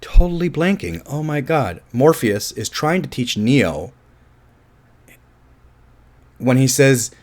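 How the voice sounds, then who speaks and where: A man's voice: mid-range voice, very animated, slow pace, long pauses. A man giving a casual, rambling film review, thinking aloud and often restarting his sentences.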